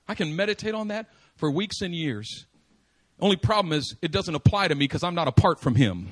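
Male preacher delivering a sermon; high-pitched, emphatic, moves between quiet asides and loud repeated points. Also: lively intonation, normal speed. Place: church service.

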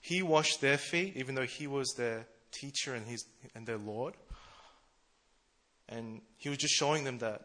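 A man preaching a casual, conversational sermon, chatty and quick to laugh at himself. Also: medium pitch, pushed and bright. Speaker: preacher, church treasurer.

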